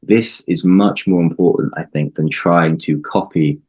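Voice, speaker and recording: A man from the UK, an English coach, explaining things in a measured way in a conversational interview, with frequent ums and restarts. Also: sits low, slightly rough, highs cut off.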